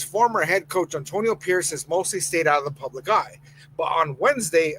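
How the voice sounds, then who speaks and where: A man's voice: fairly high pitch, a bit bright, a little hiss or hum, poor audio. A man hosting a live sports podcast, ranting heatedly and reading chat comments aloud. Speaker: podcast host.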